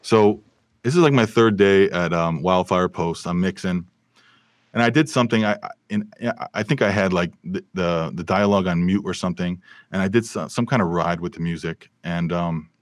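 A man's voice: deep voice, normal speed, no room sound. A man, a film and television sound mixer, telling stories animatedly in a casual podcast interview. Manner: animated storyteller with many fillers and restarts.

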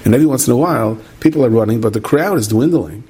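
A man tells a story in a husky, slightly breathy voice at a middle pitch. He talks in an animated way, repeating phrases for emphasis and stepping into characters' voices. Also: fast. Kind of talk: spoken storytelling.

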